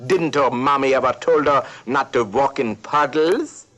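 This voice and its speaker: A man's voice: medium pitch, unhurried, a bit bright, faint music behind, lightly acted. An actor playing an eccentric old male duck professor, rambling and giggling as he tells a storybook tale. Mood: playful. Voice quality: giggly, rambling, self-correcting. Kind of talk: storybook narration for a talking toy.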